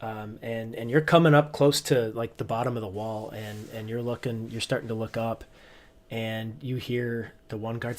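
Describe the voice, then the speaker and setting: A man's voice: mid-range voice, fairly even intonation, moderate pace, darkish tone. A man narrating as game master, stumbling and restarting his sentences often. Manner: hesitant, many restarts and ums.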